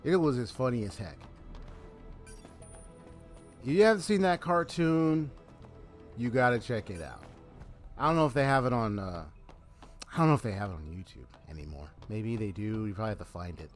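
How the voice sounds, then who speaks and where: A live gaming streamer speaks in an animated mid-range voice at normal speed, pausing often, with faint music behind. His chatty storytelling is full of laughs, and he reads game dialogue aloud as he plays.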